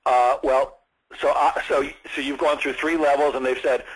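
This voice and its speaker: A man in his sixties, a sales trainer at a live seminar, lively and acting out firm phone calls as he teaches. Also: mid-range voice, normal speed, breathy edge, poor audio. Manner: energetic, acts out phone calls in firm and friendly tones.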